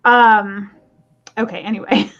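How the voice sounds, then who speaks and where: A woman's voice: medium pitch, fairly even intonation, takes it slowly. Chatty, laughing woman with a dull lo-fi sound. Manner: chatty, laughing, rambling tangents. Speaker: guest seller. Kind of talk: casual live-stream chat. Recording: dull lo-fi audio.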